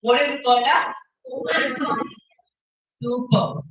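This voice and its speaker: A woman with an Indian English accent runs an interactive workshop. Her voice is high and bright, and she keeps checking in with her listeners. The sound is roomy, picked up from far off in a hall. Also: steady tone, normal speed. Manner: checks in with the audience often, demonstrates gestures. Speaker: soft skills trainer. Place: university hall.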